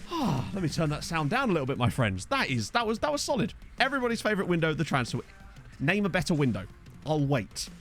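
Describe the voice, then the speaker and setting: Animated male streamer, fairly high voice, swings up and down a lot in pitch. Casual, rambling and jokey, he chats into a desk mic with faint music underneath. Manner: rambling, jokey, reads out chat messages. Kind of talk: casual live-stream chat over gameplay. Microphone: desk microphone.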